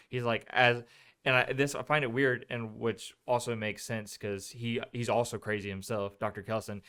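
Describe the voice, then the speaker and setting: Guy on a podcast recapping a movie, smooth clear voice, acts out the lines as he goes. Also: medium pitch, a little fast. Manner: animated retelling with quoted lines. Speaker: podcast co-host. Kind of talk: casual movie review chat.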